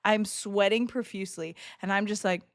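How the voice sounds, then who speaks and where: A woman livestreamer chatting casually with her viewers, telling animated stories with lots of laughing and swearing. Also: mid-range voice, moderate pace, dry recording, studio quality. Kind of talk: casual chat with stream viewers. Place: home streaming setup.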